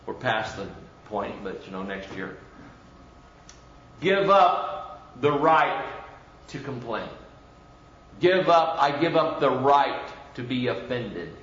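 A man's voice: medium pitch, very animated, takes it slowly, pauses often, a bit bright. A man, a pastor, preaching a conversational sermon full of rhetorical questions and mock voices. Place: church. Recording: roomy, dull church recording.

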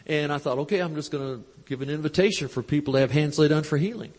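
A man preaching at a live convention, telling a story with quoted dialogue in a folksy, animated way, on a handheld mic. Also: a little high, fast. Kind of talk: storytelling sermon. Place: large church convention hall. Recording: live hall recording with long reverb.

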